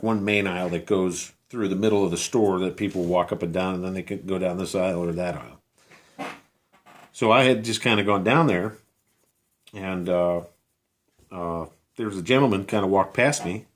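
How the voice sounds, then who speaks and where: A man vlogging outdoors, telling a personal story casually, rambling with many fillers and restarts, sounding incredulous. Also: on the low side.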